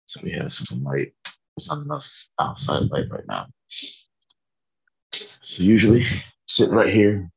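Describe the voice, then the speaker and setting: A man's voice: very deep voice, creaky, breathy edge, muffled recording. A tired man in a casual faith vlog, earnestly rambling about his morning prayer from his bedroom. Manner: earnest, rambling, laughs at himself.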